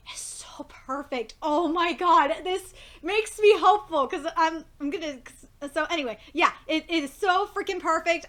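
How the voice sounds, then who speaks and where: A woman giving a casual anime review, gushing and excitable, swearing and laughing often, rambling with lots of fillers. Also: extremely high pitch. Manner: rambling with many fillers and restarts.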